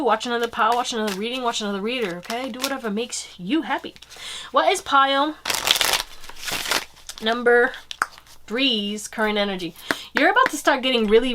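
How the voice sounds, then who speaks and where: A woman's voice: fairly high pitch, background noise. A young adult woman giving a casual tarot reading to camera, chatty and upbeat, swearing now and then. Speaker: tarot reader and channel host.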